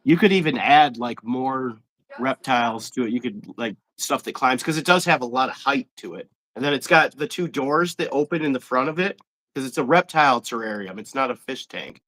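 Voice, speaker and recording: A man hosting a casual live-stream fishing interview, excitable and quick to laugh. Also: medium pitch, poor audio. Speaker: host.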